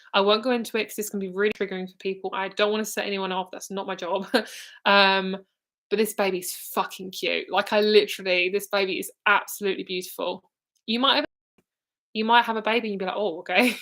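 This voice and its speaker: A woman's voice: mid-range voice, fairly bright tone. A woman in her twenties with a British accent, giving a live psychic reading in a casual, rambling way, with fillers, restarts and swearing. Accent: British English. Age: 20s. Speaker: psychic reader.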